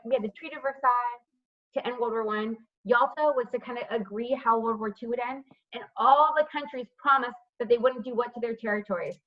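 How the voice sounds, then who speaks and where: A woman's voice: a little high, dull audio. Woman teacher questioning her online class. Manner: asks students questions by name, says "right?" often. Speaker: history teacher. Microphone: computer mic on a video call.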